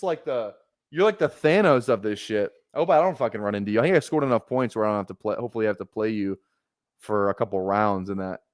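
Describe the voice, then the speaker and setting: A young man streams live from home into a close desk mic, his voice sitting at an ordinary middle pitch. He rambles excitedly, trips over restarts and swears freely, and the sound is dry with no room echo. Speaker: fantasy football streamer. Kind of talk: casual live-stream chat.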